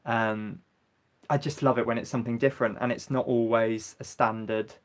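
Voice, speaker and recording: A man's voice: medium pitch, steady tone, moderate pace. A young man from England hosting a livestream, chatting casually and answering viewer comments in a rambling, hesitant way with many ums. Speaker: livestream host.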